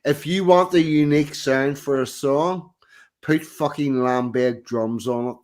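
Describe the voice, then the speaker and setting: A man's voice: mid-range voice, unhurried, a little mellow. A man with a Belfast accent chatting bluntly on a live stream, swearing freely with dry humor. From Northern Ireland. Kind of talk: casual live-stream chat.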